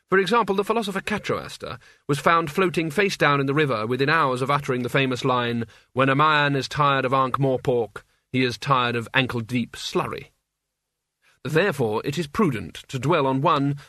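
A man narrating an audiobook in a wry, measured storytelling manner. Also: mid-range voice, pushed and bright, no room sound. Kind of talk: scripted narration.

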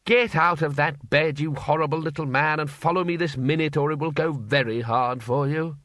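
Man doing a high, brusque old wizard boss for an audiobook, close and dry. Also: fairly even intonation, moderate pace, a bit bright, no room sound, lightly acted. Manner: booming, brusque, commanding. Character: blustering elderly male wizard head. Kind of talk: audiobook character voice.

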